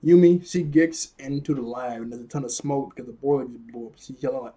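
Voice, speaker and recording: A young man with a mellow voice that sits a little high recaps a cartoon episode. He keeps breaking into laughter and fills his retelling with slang and fillers. He sounds relaxed and chatty throughout. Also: a little fast, hardly any pauses. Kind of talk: casual episode review recap.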